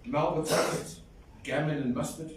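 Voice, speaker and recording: A man's voice: on the high side, steady tone, measured pace. A man giving a fond, storytelling eulogy at a funeral. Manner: fond storytelling, sings a folk song. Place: large echoey hall at a funeral. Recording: echoey hall from far off, faint noise.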